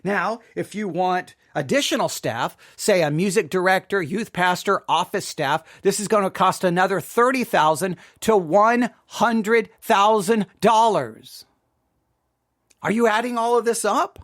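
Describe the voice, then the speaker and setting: A man's voice: sits high, moderate pace, hardly any pauses, fairly bright tone. Guy talking to viewers, voice keeps cracking, hammers the same figures over and over, lots of "all right?". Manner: repeats figures for emphasis, asks rhetorical questions. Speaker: Christian commentator. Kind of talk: emphatic monologue to viewers.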